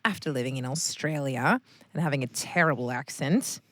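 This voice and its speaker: A woman's voice: very deep voice, moderate pace, fairly bright tone, no echo. A woman co-hosting a podcast in a parked RV, chatting casually, teasing and laughing often. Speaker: podcast co-host. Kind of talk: casual chat. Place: parked RV at a rest area.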